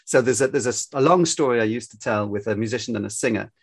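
An older Glaswegian man with a light Scottish accent talks quickly in a mid-range, gravelly voice with a breathy edge. He's a storytelling guest in a casual interview, reflective and wandering off into anecdotes.

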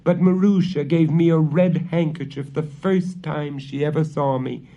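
A man's voice: fairly high pitch, steady tone, moderate pace, pitched above the performer's own voice, close to an everyday voice. A put-upon young servant girl speaks her mind in a raised, indignant voice, as a man plays her. The recording is dull and lo-fi.

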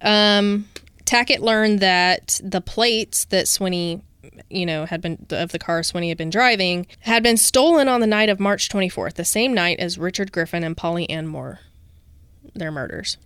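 Smooth-voiced woman telling a true-crime story. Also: on the low side, normal speed, fairly bright tone, dry recording. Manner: reads researched notes, breaks into casual asides. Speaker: podcast co-host.

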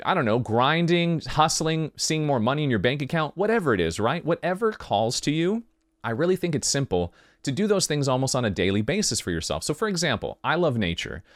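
A man's voice: mid-range voice, no echo, studio quality. A man hosting a podcast, delivering a heartfelt monologue in an earnest, emphatic way, full of rhetorical questions. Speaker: podcast host.

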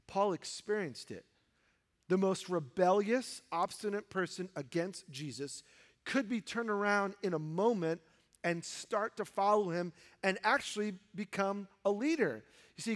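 A man preaching a sermon, animated, mimicking the voices of people in the stories he tells. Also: high voice, in a large hall. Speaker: pastor.

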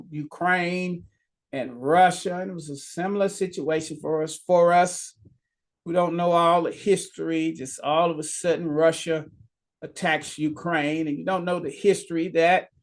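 A male pastor preaches slowly, with a gravelly, creaky voice. His delivery is halting and full of repeated words, and it builds to emphatic high peaks. It is a sermon, unhurried and earnest. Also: a bit bright.

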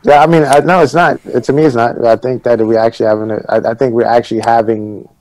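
A man's voice: mid-range voice, fairly even intonation, fast, darkish tone, no room sound, low-quality recording. A man appearing as a guest in a casual video-call conversation, talking bluntly and emphatically, with plenty of swearing. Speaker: podcast guest.

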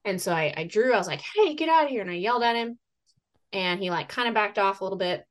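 Woman, animated storyteller, casual podcast guest, laughing, mid-pitched voice. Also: fast. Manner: animated, laughing, lively retelling with acted-out quotes. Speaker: podcast guest, fitness coach and moose hunter.

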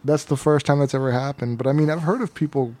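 A man's voice: medium pitch, quick pace, a little mellow. A male podcast co-host in casual chat, reading medical notes aloud and stumbling over hard words before joking with friends.

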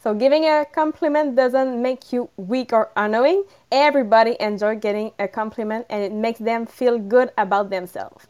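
A woman's voice: a little high, normal speed, hardly any pauses, a little mellow, clean tone. A woman with a French accent, co-hosting a live podcast, cheerful and giggly as she talks listeners through a list of tips. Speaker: podcast co-host. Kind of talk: casual live podcast talk.

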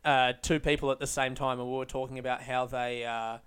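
A man's voice: medium pitch, little pitch movement, brisk, fairly bright tone, clear, resonant tone. A man hosting his own podcast in casual solo chat from a friend's living room, rambling, laughing and swearing freely as he mocks himself. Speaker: podcast host.

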